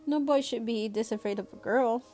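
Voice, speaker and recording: A woman's voice: fairly high pitch, fairly quick, warm tone, soft background music, natural voice. A woman reading the lines of a good-humored father in a dry, matter-of-fact way. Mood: firm. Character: good-humored dad, firm but joking.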